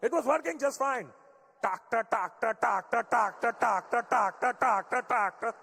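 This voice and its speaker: A man voicing an exasperated older Indian immigrant father with an Indian accent, stubborn and shouting back. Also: very high-pitched, animated, a little fast, vocal fry, slightly rough, soft background music, voice pushed up, full character voice. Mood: indignant. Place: live comedy venue. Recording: long venue reverb.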